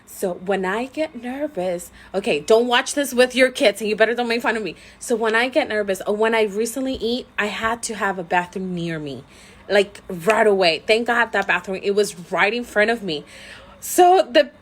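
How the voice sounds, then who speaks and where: A mother vlogging to camera, telling a story in a chatty, animated way with many fillers and frequent laughter. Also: medium pitch, moderate pace.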